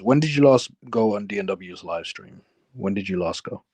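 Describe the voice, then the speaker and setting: A man from London hosting a live stream, reading viewers' chat messages aloud and answering them in a calm, casual way. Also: moderate pace, dry recording. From London, England. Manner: calm, low-key, reads chat aloud.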